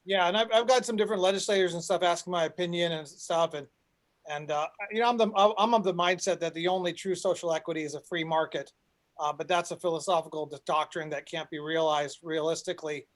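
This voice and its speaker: A man with a notably high voice hosts a panel and moderates an online discussion over a video call. He talks fast with fairly even intonation, rambling and often restarting his sentences.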